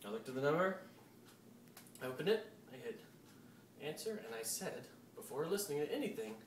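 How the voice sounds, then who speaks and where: A man telling an embarrassing anecdote in a casual, animated way, acting out what he said. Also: fairly high pitch, brisk, reverberant, distant mic, slight background noise. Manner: animated, acts out quotes. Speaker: storyteller on a talk show.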